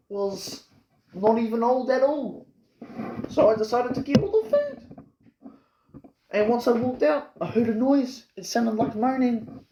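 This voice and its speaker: A man's voice: sits high, warm tone. A man improvising a rambling, boastful, absurd comic story, recorded in an echoey room. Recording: roomy echo with faint noise.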